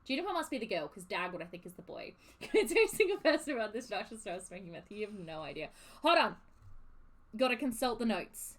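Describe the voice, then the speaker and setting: A young woman streaming a game, chatting casually and swearing in an animated, exasperated way as she recaps. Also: mid-range voice, fairly quick. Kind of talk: casual chat while live streaming a game.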